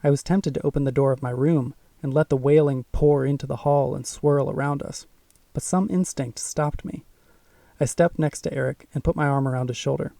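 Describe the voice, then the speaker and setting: A man narrating a first-person audiobook in a measured, suspenseful way. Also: fairly high pitch, steady tone, gravelly, warm tone, dry recording, distant mic.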